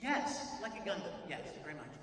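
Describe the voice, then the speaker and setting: A man, a voice actor, telling an animated, emotional story to a convention panel audience. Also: fairly high pitch, fairly quick. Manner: animated, emotional, laughs often. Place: large convention hall. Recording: echoey hall, distant mic, noisy.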